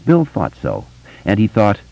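A man reading an audiobook in scripted narration, expressive and varied. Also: fairly low pitch, a little slow, creaky, no echo. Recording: dull, muffled dry recording.

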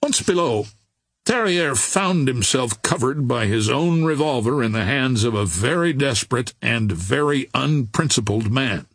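A man reading an adventure novel aloud in a measured, unhurried storytelling manner. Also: medium pitch, expressive, breathy edge, no room sound. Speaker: audiobook narrator.

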